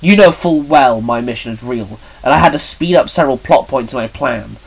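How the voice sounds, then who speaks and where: A calm, secretive male time guardian with a dry, sarcastic edge, read by a man in his plain voice. He answers sternly at an even middle pitch in an audio fan story. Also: normal speed, close to an everyday voice, low-quality recording.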